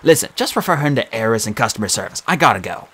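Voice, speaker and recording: A man voicing a sly, smooth-talking male god in a put-on mixed British and Australian accent for an audiobook. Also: medium pitch, expressive, quick pace, sharp tone. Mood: breezy. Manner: breezy, teasing. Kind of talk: audiobook reading.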